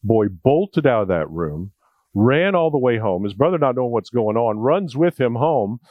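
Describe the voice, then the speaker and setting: A man's voice: medium pitch, very animated, normal speed, no echo, narrow, tinny audio. A male preacher delivering a sermon in a conversational, jokey way, repeating key points for emphasis.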